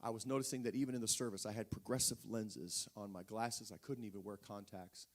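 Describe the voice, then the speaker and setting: A man's voice: fairly low pitch, fairly even intonation, brisk. A male preacher telling a personal story in a sermon, talking conversationally with frequent restarts and fillers.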